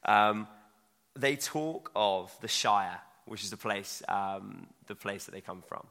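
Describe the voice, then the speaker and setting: A young man preaches slowly in a lowish, creaky voice that still comes across pushed and bright. His sermon is chatty and full of self-mocking asides, echoing with the long reverb of a church hall.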